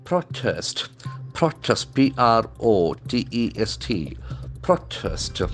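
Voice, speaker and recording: A man's voice: medium pitch, very animated, slow, faint music behind. A man teaching English vocabulary from the newspaper, spelling words letter by letter and explaining how each is pronounced. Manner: explains pronunciation and meanings methodically. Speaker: English language trainer.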